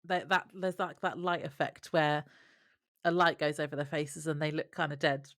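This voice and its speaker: A woman's voice: sits low, little pitch movement, normal speed, a bit bright, no echo, clean studio sound. A woman co-hosting a podcast in casual chat, laughing often and trailing off mid-thought. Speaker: podcast co-host.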